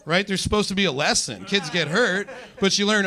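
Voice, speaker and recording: A man's voice: high-pitched, expressive, a little fast, sharp tone. A young man doing a stand-up comedy set on a club stage, rambling and self-deprecating with lots of fillers.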